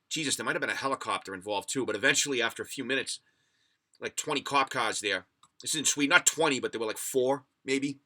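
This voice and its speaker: American guy hosting a livestream, rambly, swears a lot, reads chat, bright sharp voice. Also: medium pitch. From United States. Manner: rambling, profane storyteller reading chat comments. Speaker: livestream podcast host.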